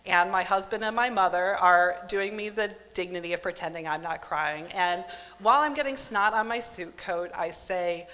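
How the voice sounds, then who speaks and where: Bright-voiced woman telling a story live. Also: lowish voice, normal speed. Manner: wry, self-mocking, deadpan asides. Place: stage at a live event venue. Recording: live hall with long reverb.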